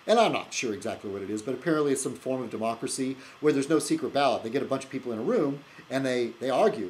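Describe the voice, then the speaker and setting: A man rambles through his weekly video blog with a lively, swooping delivery, piling on fillers and restarts as he chats. A faint hum sits behind his voice. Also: mid-range voice, fast talker, rough recording. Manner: animated, laughs at his own jokes. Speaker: video blogger. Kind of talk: casual rambling monologue.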